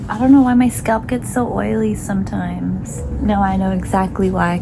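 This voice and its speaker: A young woman chatting casually to her phone camera at home in a relaxed, self-deprecating vlog, with frequent apologetic asides. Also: medium pitch, moderate pace, vocal fry, hardly any pauses, background noise. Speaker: vlogger.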